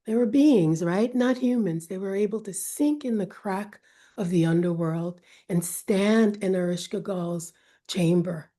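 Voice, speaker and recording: Woman storyteller, slow and warm-toned, measured and dramatic, drops to whispers. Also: mid-range voice. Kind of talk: oral myth storytelling.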